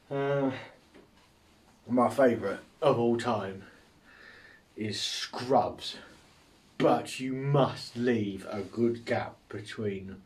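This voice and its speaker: A man's voice: medium pitch, darkish tone. A man hosting a live show and answering viewer questions in casual chat, sarcastic and ranting, with plenty of swearing.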